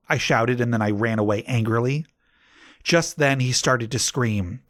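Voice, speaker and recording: Man, deadpan narrator, mid-pitched, dry close sound. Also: unhurried, dry recording. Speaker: audiobook narrator. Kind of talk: comedic audiobook reading.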